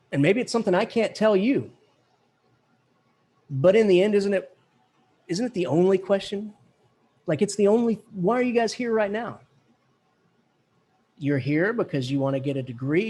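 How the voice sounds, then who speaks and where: Guy professor rambling through a lecture, kinda husky, cracks jokes, higher voice. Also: a little mellow. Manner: chatty, jokey, playful mock accents. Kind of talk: lively classroom lecture.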